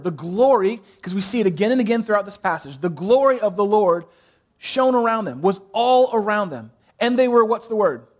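Male pastor with a higher voice, preaching with pauses and softened key lines, prompts congregation to answer. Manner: preaching with dramatic pauses, dropping soft on key phrases; asks the congregation to fill in words. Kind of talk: sermon.

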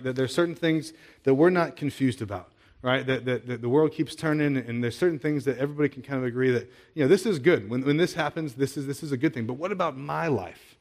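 A pastor with a mid-range voice preaches a sermon in a conversational way. He poses lots of rhetorical questions and often repeats words when he restarts a thought.

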